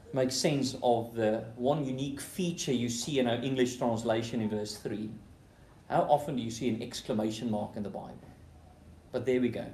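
A man preaching a sermon, swinging between loud emphatic bursts and quiet, low passages, repeating key phrases for emphasis. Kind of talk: expository sermon. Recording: roomy hall echo.

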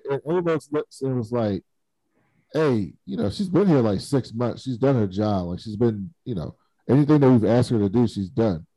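A man's voice: medium pitch, expressive, normal speed, mellow, dry recording, rough recording. A man in casual chat, animatedly retelling a TV episode and acting out the characters' lines. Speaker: podcast co-host recapping a TV episode.

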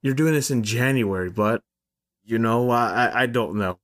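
A man's voice: medium pitch, normal speed, fairly bright tone. A man co-hosting a wrestling podcast in casual chat, rambling and trailing off with restarts. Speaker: podcast co-host.

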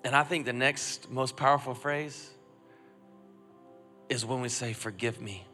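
A man, a father of a young son, preaching a sermon and calling on the congregation to repeat phrases back, swinging between loud urging and hushed reflection. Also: medium pitch, fairly even intonation, unhurried. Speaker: pastor. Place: church auditorium. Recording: long hall reverb, music faint behind.

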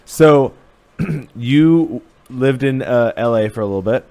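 A man's voice: medium pitch, slow pace, mellow. A man hosting a podcast, asking laid-back, teasing questions in casual chat. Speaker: podcast host.

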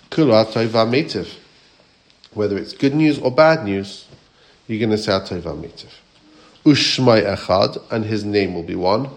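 A man's voice: fairly low pitch, creaky. A rabbi giving a Torah class, asking his listeners questions and quoting Hebrew and Aramaic texts.

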